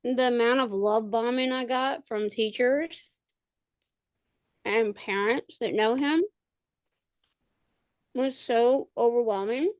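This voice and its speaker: A woman's voice: fairly high pitch, slow pace, pauses often, dry recording. A woman chatting casually on a video call, rambling with lots of fillers and restarts. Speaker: podcast co-host and parent. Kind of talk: casual chat.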